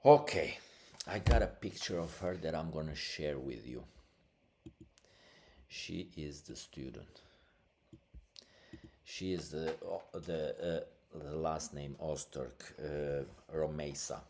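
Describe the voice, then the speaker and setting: A man hosting a podcast, giving impassioned opinionated news commentary, halting often with restarts and fillers. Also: a bass voice, warm tone. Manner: impassioned and agitated. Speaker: podcast host.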